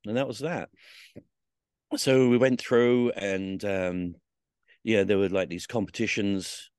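Man, low voice, dry close sound, rambling interview stories with swearing. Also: steady tone, slow pace, a little mellow, clear, resonant tone, dry recording. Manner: swears freely, acts out quoted voices; rambling, many fillers and restarts. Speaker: podcast guest. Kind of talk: telling stories from his past in an interview.

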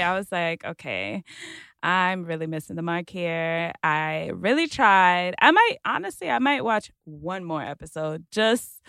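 A woman co-hosting a podcast in casual chat, relaxed and candid, saying "y'all". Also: lowish voice, clean tone, dry recording, studio quality. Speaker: podcast co-host.

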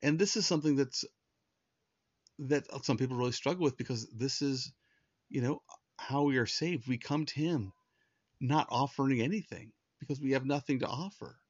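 A man's voice: medium pitch, moderate pace, no room sound. Earnest man preaching, dry and muffled. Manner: earnest, conversational with frequent restarts. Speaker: pastor. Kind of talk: sermon.

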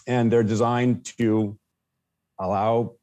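Halting storytelling man, mellow voice. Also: medium pitch, level tone. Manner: halting, many restarts and fillers. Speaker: podcast guest. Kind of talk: casual storytelling.

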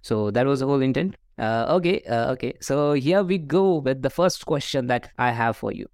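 A man's voice: medium pitch, lively intonation, normal speed, darkish tone, no room sound, studio quality. Hesitant male interviewer. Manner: hesitant, many fillers and restarts. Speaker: podcast host interviewer. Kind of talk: interview questions.

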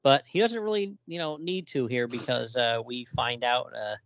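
A man co-hosting a casual podcast, talking through a comic book and reading its dialogue aloud with lively emphasis. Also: medium pitch, moderate pace, dry recording, muffled recording.

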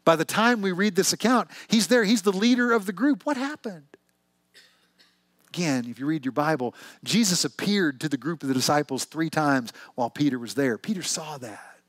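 A male pastor delivers a sermon in a lively, conversational style, asking his listeners one question after another. His voice sits a little high for a man. The recording is close and dry. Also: moderate pace, no echo. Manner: conversational, animated storytelling with rhetorical questions.

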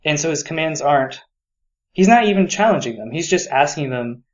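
A man's voice: fairly high pitch, animated, fairly quick, highs cut off. A man co-hosting a podcast, talking enthusiastically about a book and rambling with many fillers. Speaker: podcast co-host. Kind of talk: casual book discussion.

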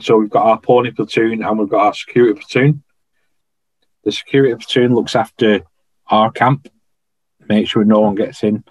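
Guy telling stories on a podcast, lowish voice, dry close sound. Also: fairly even intonation, moderate pace, pauses often, no room sound, rough recording. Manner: chatty anecdotal, dialect grammar like "I was stood". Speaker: podcast guest, former royal guardsman. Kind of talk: casual storytelling.

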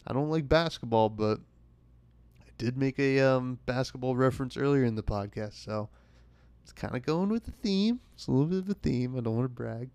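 A man's voice: mid-range voice, lively intonation, brisk, darkish tone, clean tone, dry recording. A young man hosting a podcast, telling a rambling, self-mocking comic story and acting out other people's lines. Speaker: podcast host. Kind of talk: comedic storytelling monologue.

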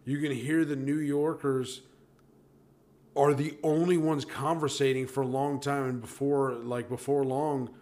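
A man's voice: medium pitch, level tone, measured pace, darkish tone. Young man, casual rambling talker, restarts often, swears freely. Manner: rambling retelling with restarts and profanity. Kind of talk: casual chat.

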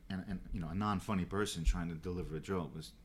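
Man, low voice, podcast guest, stammering storyteller, swears a lot, faint background hum. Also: fast. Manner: animated storyteller, stammers and restarts, swears freely.

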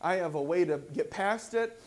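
High-voiced excitable male pastor. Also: moderate pace. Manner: reads scripture then preaches with rising excitement. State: repeatedly clearing throat and coughing. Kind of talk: sermon.

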